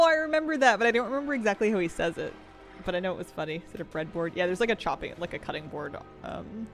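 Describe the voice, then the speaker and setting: Giggly, chatty game streamer. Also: mid-range voice. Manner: chatty and giggly, reads out chat. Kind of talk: casual live-stream chat while gaming.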